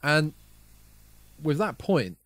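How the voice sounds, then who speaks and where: A man co-hosting a horror film podcast, talking in a casual, animated way and often restarting his sentences. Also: a little high, very slow, dry recording, studio quality. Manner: animated, repeats words when starting sentences. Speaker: podcast co-host.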